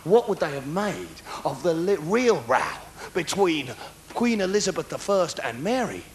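Man, stand-up comedian, ranting, shouted punchlines, high voice, roomy live hall. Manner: rapid, ranting, animated delivery with shouted punchlines. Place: large concert hall with live audience. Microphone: stage microphone. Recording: roomy live hall recording with faint crowd.

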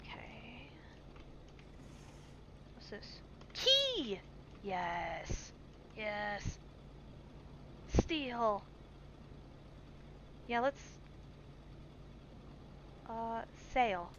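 A woman's voice: on the high side, very animated, drawn-out words, long pauses. A woman streamer giving chatty, jumpy live commentary while playing a survival game, reading on-screen text aloud. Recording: dull stream mic with faint hiss.

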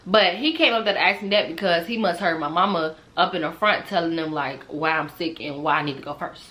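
A young woman tells a storytime to her viewers in a bright, forceful voice. She is animated and laughs often, swearing freely as she goes. She keeps speaking directly to the people watching. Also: lowish voice, fairly quick. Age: young adult. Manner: talks straight to viewers. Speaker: storytime vlogger. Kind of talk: casual storytime.

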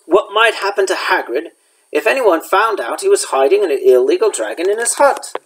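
A man's voice: high voice, animated, normal speed, a bit bright, rough recording. A male elementary school teacher reading a chapter book aloud, with occasional slips he corrects.

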